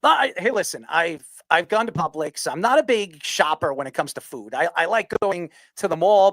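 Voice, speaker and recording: High, gravelly-voiced New York man. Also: sing-song, moderate pace, fairly bright tone, dry recording, clean studio sound. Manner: rambling, repeats words, blunt opinions. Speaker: sports talk show host. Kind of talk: casual sports talk.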